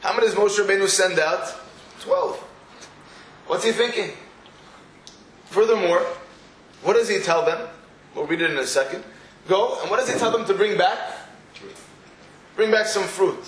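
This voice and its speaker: A man with a notably high voice leads a Torah class, firing off rhetorical questions between stories. He sounds roomy and echoey, with a faint hum of ambience behind him. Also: normal speed, pauses often. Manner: rhetorical questions, storytelling asides. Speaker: Torah teacher.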